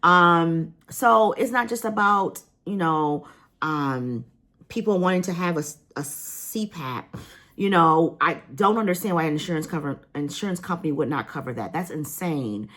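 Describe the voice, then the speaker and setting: A woman talks straight to her viewers in a casual vlog, earnest and a little emotional. Her voice sits on the lower side for a woman, and she rambles with plenty of ums and restarts. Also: animated, a little slow, fairly bright tone. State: emotional, near tears. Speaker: vlogger.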